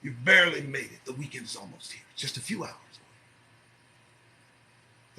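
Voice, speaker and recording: A man hosting an early-morning commentary show, preaching and swearing as he swings from shouting to low muttering. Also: lively intonation, moderate pace, poor audio.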